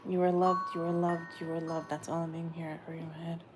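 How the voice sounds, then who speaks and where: A woman giving a gentle, meandering spiritual message she says she is channeling, often repeating her phrases. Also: on the low side, level tone, fairly quick, noisy background.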